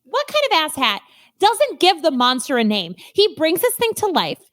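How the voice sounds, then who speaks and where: A woman co-hosting a podcast in casual comedic chat, animated and jokey, acting out quotes. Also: very high voice, moderate pace. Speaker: podcast co-host. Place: Chicago.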